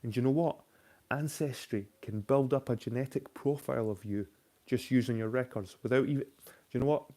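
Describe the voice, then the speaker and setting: A man hosts a loose late-night chat stream, reading out viewer questions. He rants freely and swears often. His voice has a warm, dark tone at an ordinary middle pitch. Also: a little fast. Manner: ranting, heavy swearing; reads viewer questions aloud. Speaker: host.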